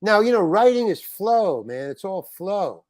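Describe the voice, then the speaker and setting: A man, a guest actor, telling a long anecdote in a casual interview, animated and saying "man" often. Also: sits high, a little slow, no room sound. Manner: animated anecdote teller, peppers talk with "man".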